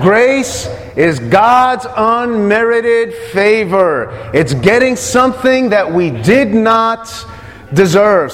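A man with a high voice preaches a sermon. He puts questions to the congregation and repeats his key phrases. His voice rings out in a hall with a long echo.

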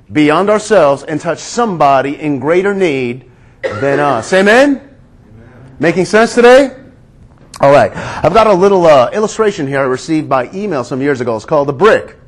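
A man's voice: high-pitched, poor audio. A male preacher giving a sermon, emphatic, repeating key lines and asking for amens.

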